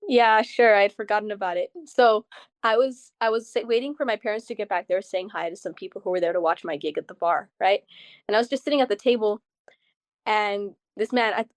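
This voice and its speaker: A young adult woman joins her mother as a guest on an interview show. She tells her stories in a chatty, animated way, full of quick asides. Her voice sits at a middle pitch in a dry, close recording. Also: no echo. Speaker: guest's daughter. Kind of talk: casual interview chat.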